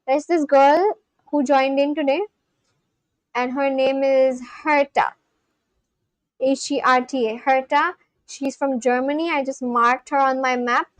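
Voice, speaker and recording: A young woman hosting a livestream, chatting casually with viewers, laughing often and correcting herself with quick apologies. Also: sits high, steady tone, no echo. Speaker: livestream host. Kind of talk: casual chat reading live chat aloud.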